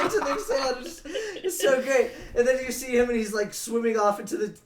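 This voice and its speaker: A podcast co-host in casual chat, laid-back and chiming in with quick reactions. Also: medium pitch, reverberant, very noisy.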